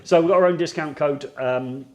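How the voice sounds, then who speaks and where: A man's voice: a little high, moderate pace, muffled recording, over a noisy crowd. A man hosting a live stream, chatting casually and teasing his co-hosts with jokes. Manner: jokey, teasing banter.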